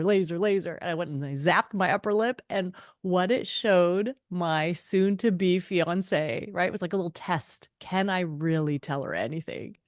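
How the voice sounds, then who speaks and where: A middle-aged woman author, a guest on a podcast, chatting and telling lively stories, acting out the voices of people she quotes. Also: medium pitch, no room sound, clean studio sound. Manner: animated storyteller, acts out quoted voices. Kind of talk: conversational interview.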